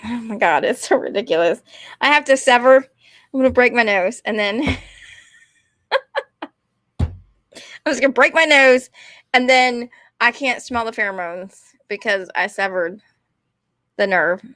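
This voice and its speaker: A woman, rambling and animated as she chats casually to her stream viewers. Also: on the high side, normal speed, dry recording, studio quality. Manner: rambling, animated, talks to chat. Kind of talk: casual ranting chat to viewers.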